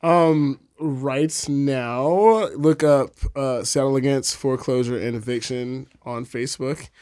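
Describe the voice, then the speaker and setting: A man's voice: mid-range voice, takes it slowly, clean tone, dry recording, studio quality. A man, a community organizer, speaking casually and a bit hesitantly with many fillers. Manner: relaxed, hesitant, full of fillers. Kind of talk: casual chat.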